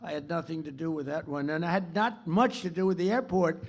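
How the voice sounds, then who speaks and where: A man's voice: on the high side, steady tone, brisk. An older man giving a rambling, boastful, repetitive off-the-cuff keynote speech. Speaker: keynote speaker.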